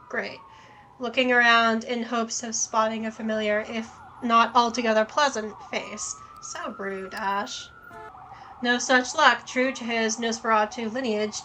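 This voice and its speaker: A woman streaming a story game, reading its text aloud and thinking out loud in a casual way, with plenty of swearing. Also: on the high side, slight background noise, low-quality recording.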